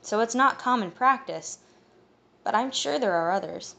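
A woman's voice: a little high, lively intonation, normal speed, gravelly, sharp tone, voice pushed up, full character voice. A woman reading the lines of a wry, curious fae king in an audiobook.

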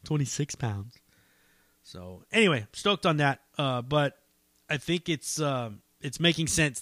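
A man's voice: medium pitch, bright, forceful tone, no echo. A man hosting his own podcast solo, rambling casually with lots of swearing and self-deprecating asides. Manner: rambling, profane, self-deprecating, many fillers. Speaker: podcast host.

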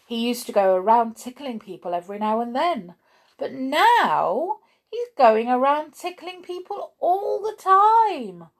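A woman's voice: high voice, very animated, a little slow, voice pushed up, full character voice. A woman voicing a normally cheerful little man who sounds weary and complaining. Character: glum round cheerful-natured man.

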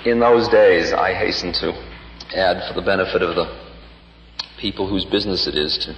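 A man giving a spiritual talk, telling a personal story in an unhurried, reflective way and livening up the quoted lines. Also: deep voice, a bit bright, a little hiss or hum. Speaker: spiritual teacher. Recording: dull lo-fi recording in a reverberant hall.

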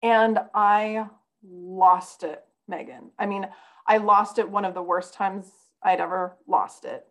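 Woman guest on a podcast, gravelly kind of voice, telling a personal story, very candid. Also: medium pitch, slow, a bit bright, poor audio. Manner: earnest, candid, confessional. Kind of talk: casual conversation, personal storytelling.

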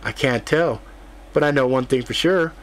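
A man's voice: medium pitch, normal speed, close to an everyday voice. A man playing a weary, terse male mage. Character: tired but determined middle-aged male mage.

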